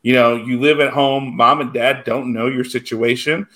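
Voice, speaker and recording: A man's voice: medium pitch, steady tone, normal speed, sharp tone. Here is a man appearing as a guest on a live talk show in a mid-range voice. He talks earnestly and in plain, casual terms, acting out example situations as he speaks. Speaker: guest from a crisis support center.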